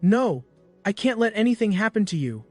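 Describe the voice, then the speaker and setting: Guy voicing a desperate stubborn kid, high and strained. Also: expressive, moderate pace, darkish tone, dry recording, soft background music. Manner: strained pleading. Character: desperate young boy fighter, stubborn and brave.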